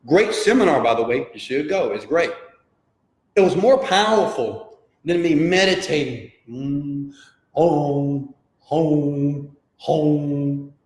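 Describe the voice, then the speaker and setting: Animated motivational speaker. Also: male voice, on the high side, moderate pace, echoey room. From Houston, Texas. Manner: dramatic, acts out dialogue, direct appeals to audience. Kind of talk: motivational storytelling speech.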